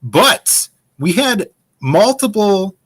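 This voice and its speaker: Bright, lively man hosting a stream. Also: high-pitched, drawn-out words, husky. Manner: playful, upbeat, reads viewer messages. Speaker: host reading chat. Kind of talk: casual livestream chat.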